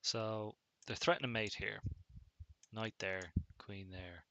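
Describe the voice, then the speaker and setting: A man casually commentating on his own chess game, thinking aloud in a relaxed, musing way. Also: lowish voice, slow pace, no room sound. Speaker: chess streamer.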